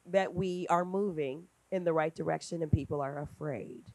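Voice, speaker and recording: A middle-aged woman speaking on a panel at a brunch event, talking in a lively conversational way and acting out quoted dialogue. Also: moderate pace, no room sound. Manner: animated, acts out quoted dialogue with big pitch jumps.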